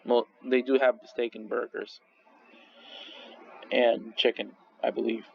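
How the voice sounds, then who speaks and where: Young guy vlogging, rambly and swears a lot, mid-pitched voice, kinda dull lo-fi recording w/ faint hiss. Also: little pitch movement, slow, creaky. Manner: rambling, full of restarts, laughs often, swears casually. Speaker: vlogger ranking restaurants. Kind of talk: casual rambling monologue.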